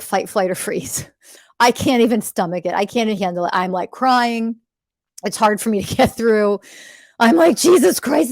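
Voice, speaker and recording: A woman at a mid pitch hosts her coaching podcast in a blunt, impassioned monologue. She swears freely and presses her listeners hard. The sound is dry and close, with no room around it. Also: dry recording. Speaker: podcast host and spiritual coach.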